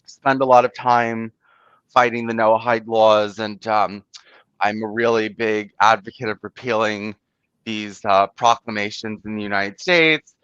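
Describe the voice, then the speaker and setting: A man's voice: lowish voice, fairly even intonation, measured pace, a bit bright, smooth, no echo. A man talking casually as a host, telling a story in rambling fashion, full of "like" and "you know" and free swearing. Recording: dull, muffled lo-fi audio.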